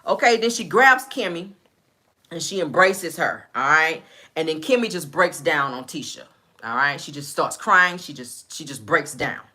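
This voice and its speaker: Low-voiced chatty woman recapping a show. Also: expressive, normal speed, bright, forceful tone. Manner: chatty storyteller, acts out quotes, says "all right?" often. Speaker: reality TV recap host. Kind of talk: casual episode recap.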